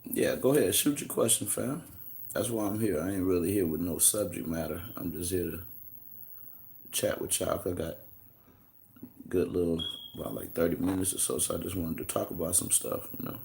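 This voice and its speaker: American dude on a live stream, kinda low voice, chill and chatty, shouting out viewers. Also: male voice, normal speed, vocal fry. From United States. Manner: loose and conversational, greets chatters by name, slangy asides. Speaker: livestream host answering viewer questions. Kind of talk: casual live-stream chat and teaching.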